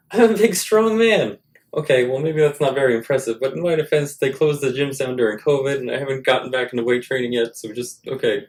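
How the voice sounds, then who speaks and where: A male host delivers a comedic monologue in a middle-pitched voice, full of crude, self-mocking jokes. He swings between loud, punchy bursts and quiet, muttered asides.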